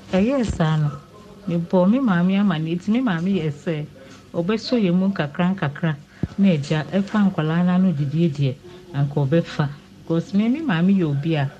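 An earnest Ghanaian woman recounts her story in a pleading way, her voice low and mellow. The recording is muffled and lo-fi, with a faint hiss behind her. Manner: earnest, pleading, addresses the host as mama. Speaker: caller sharing her story. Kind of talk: personal account to an advice host.

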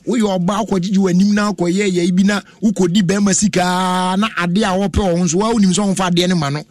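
A young Ghanaian man hosting a radio talk show, talking in an animated, casual way, switching languages and exclaiming often. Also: sits high, no room sound.

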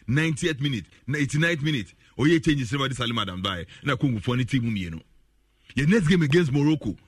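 A man with a Ghanaian accent giving animated sports talk, laughing often and repeating phrases for emphasis. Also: medium pitch, slightly rough, dry recording, clean studio sound. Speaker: football commentator.

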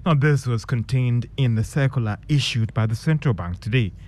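A man's voice: medium pitch, moderate pace, a little mellow. A man presenting a business news segment in a formal, announcing manner. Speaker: news anchor.

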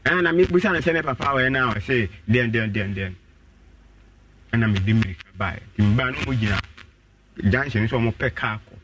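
A man calling in to a radio show, telling his own story and acting out what others said with sudden jumps in pitch. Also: normal speed, long pauses, far from the mic, a little hiss or hum. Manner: acts out quoted voices with sharp pitch jumps.

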